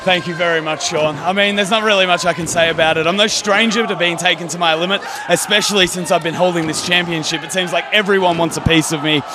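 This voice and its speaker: Brief: male wrestler, cocky banter, slightly high voice, noisy surroundings. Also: steady tone, fast, few pauses. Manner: cocky, boastful, joking. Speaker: wrestler and champion co-host. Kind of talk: post-show wrestling banter. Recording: noisy background.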